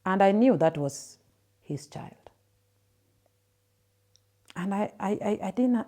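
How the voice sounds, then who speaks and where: A Kenyan woman in her thirties, telling her own story to an interviewer in a soft, halting way with repeated words and fillers. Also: medium pitch, expressive. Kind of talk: personal testimony in an interview.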